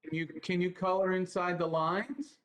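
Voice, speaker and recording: A man's voice: high-pitched, normal speed, fairly bright tone. A man leading an online devotional lesson for children over a video call, patiently spelling words out letter by letter.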